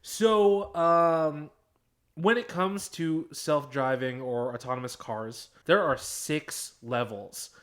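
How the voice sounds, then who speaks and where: A man co-hosting a casual podcast, walking friends through his research in a halting way with many fillers. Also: medium pitch, fairly bright tone. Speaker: podcast co-host presenting research.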